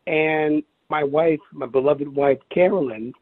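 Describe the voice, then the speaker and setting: A man recalling his experience in an interview, speaking haltingly, searching for words and repeating himself. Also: a little high, no room sound. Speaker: interview guest. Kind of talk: personal recollection over the phone. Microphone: telephone. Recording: tinny phone line.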